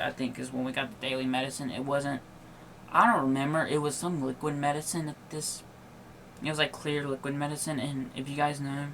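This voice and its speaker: On his podcast, a young host with a gravelly voice of mid-range pitch and a fairly bright tone rambles through a personal story. Fatigue shows in his occasional yawns, and he leans on fillers like "like," restarting and leaving sentences unfinished, over faint background noise.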